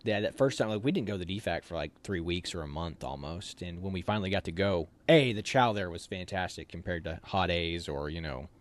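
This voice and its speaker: An American man telling army stories in a casual, animated way, with loud barked drill commands now and then. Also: deep voice, brisk, few pauses. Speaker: officer candidate telling stories. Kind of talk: casual storytelling.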